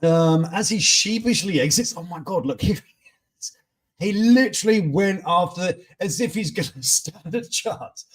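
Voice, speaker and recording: A chatty man hosts a casual live stream, reading news and viewers' comments and joking about them. His voice sits a little high and swings widely in pitch. It has a husky edge. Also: lively intonation, measured pace. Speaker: host of a morning news chat stream.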